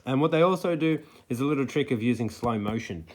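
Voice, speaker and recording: An Australian snake catcher talks to camera in a fast, animated, mid-range voice, tearing apart a news report. His critical commentary is indignant and mocking, complete with sneering quoted soundbites.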